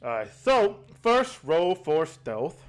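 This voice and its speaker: Slow, hesitant game master man. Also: a little high, sing-song, soft background music. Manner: hesitant, filler-heavy narration. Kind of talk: narrating a tabletop game.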